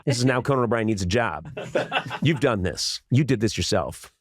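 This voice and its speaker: A man hosting a comedy podcast, riffing in mock exasperation and breaking into goofy high noises. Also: expressive, moderate pace, no echo. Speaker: podcast host. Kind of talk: comedic casual chat. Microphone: studio podcast microphone, close.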